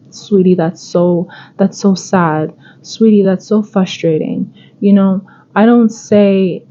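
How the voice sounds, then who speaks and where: A woman's voice: mid-range voice, mellow, dull audio, a little hiss or hum. A woman hosting a self-help podcast, talking in an earnest, coaching way and often repeating herself. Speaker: podcast host.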